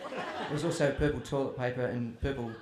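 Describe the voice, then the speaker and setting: Speaking a little fast with fairly even intonation, a mid-range male voice shares comic family stories with a festival audience. This author is chatty and self-deprecating, and the roomy tent or hall carries faint ambience and background noise.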